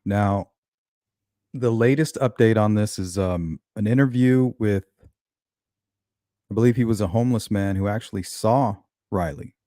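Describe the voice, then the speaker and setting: The host of a true-crime livestream talks casually about a case and greets his chat, speaking a little slowly with long pauses. His voice is lowish and mellow, and the studio-quality audio carries no room sound.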